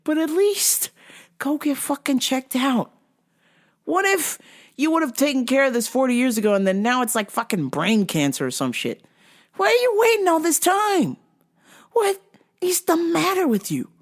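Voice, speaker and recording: A woman's voice: high-pitched, normal speed. A woman in her thirties hosting a podcast, telling a work story casually with lots of profanity and laughter. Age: 30s. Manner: profane, laughs often, animated. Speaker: podcast host.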